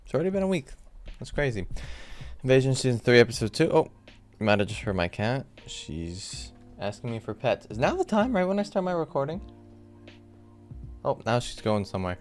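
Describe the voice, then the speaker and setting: A man hosting a casual, rambling breakdown of a TV episode from a room at home, full of animated asides. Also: mid-range voice, brisk, pauses often, soft background music. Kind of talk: casual recap commentary.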